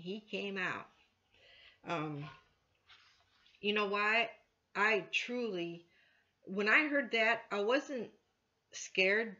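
A woman church elder giving an informal Bible teaching, chatty with many "you know" fillers, getting louder when she quotes scripture. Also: medium pitch, muffled recording.

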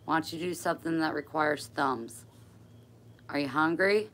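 A woman's voice: low-pitched, normal speed, a bit bright. An older woman hosting a sewing livestream, chatting casually with viewers in a blunt, joking, sassy way.

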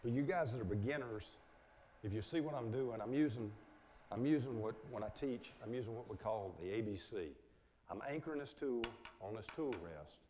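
A man's voice: medium pitch, normal speed, mellow. Older Florida-accented man teaching woodturning. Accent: northwest Florida Southern. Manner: folksy, explains step by step. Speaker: woodturning instructor. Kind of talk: live workshop demonstration. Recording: echoey hall with faint noise.

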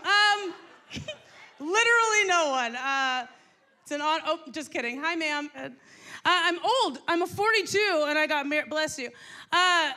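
A woman in her forties does stand-up comedy on a live stage. Her voice is high and bright, with a forceful edge. She talks in a bubbly, chatty way and teases the crowd. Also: unhurried. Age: 40s.

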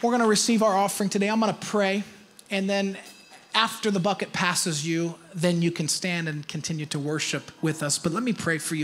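A man in his thirties, a pastor, preaching a sermon in a church, chatty and animated and rising to shouted exhortation. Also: high-pitched, brisk. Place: church auditorium.

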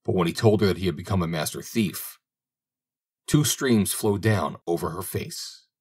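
Husky-voiced man reading a fairy tale. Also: low voice, normal speed, a little mellow. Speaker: audiobook narrator. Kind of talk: storybook narration.

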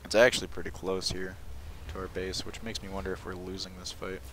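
A man's voice: low voice, flat delivery, a little fast, very noisy. Sarcastic young man commentating gameplay. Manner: sarcastic, exasperated, self-mocking. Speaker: gaming commentator.

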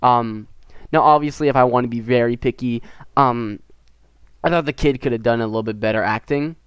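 A gaming YouTuber, a teenage boy from the United States, casually reviews a short film, rambling and giggling with plenty of fillers and restarts. His voice is medium-pitched, brisk and smooth, with no room sound.

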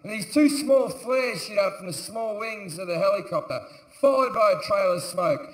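Profane comic, high-pitched, echoey hall. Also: male voice, lively intonation, moderate pace. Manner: profane, sardonic, acts out characters with shouts. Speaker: stand-up comedian. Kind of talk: stand-up storytelling. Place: large theatre stage. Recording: echoey live theatre recording. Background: audience laughter.

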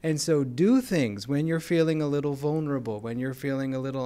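An American man leads a spiritual talk in an easy, conversational way, slipping gentle humor into his explanations. His voice sits a little higher than most men's. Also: fairly quick, few pauses. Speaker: spiritual teacher.

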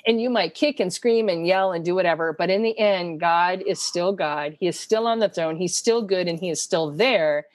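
A woman's voice: on the low side, normal speed, hardly any pauses, a little mellow, no echo. A middle-aged woman telling stories in a conversational faith podcast, earnestly acting out the lines she quotes.

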